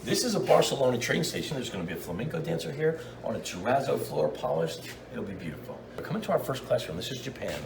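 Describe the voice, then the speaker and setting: A man leads a walking tour through indoor rooms, talking with bouncy, lively swings in pitch. He sounds enthusiastic and chatty, heard from a distance in a roomy, echoing space with faint ambience behind. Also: quick pace, creaky, few pauses, crowd noise. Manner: enthusiastic, animated storyteller. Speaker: muralist giving a tour. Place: indoor building hallways and rooms. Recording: roomy echo, distant mic.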